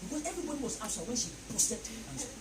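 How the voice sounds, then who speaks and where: A woman preaching a sermon, shouting decrees and telling stories with bursts of laughter. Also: a little high, sing-song, racing. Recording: echoey hall recorded from a distance with background noise.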